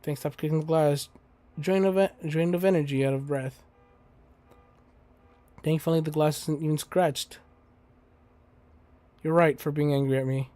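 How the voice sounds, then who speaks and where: A man's voice: on the high side, fairly even intonation, a little slow, pauses often, dark tone, dry recording. A young man playing a game on stream, reading its text aloud and breaking off into crude, joking asides. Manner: crude, joking asides between read lines. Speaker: let's play host. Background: faint game music.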